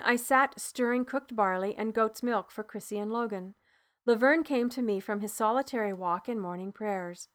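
A woman narrating an audiobook in the first person, measured and soft, dropping low at dialogue tags. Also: clear, resonant tone.

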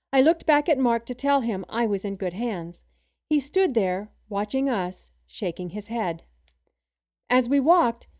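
A woman narrating a first-person audiobook in a steady, measured way. Her voice sits a little high.

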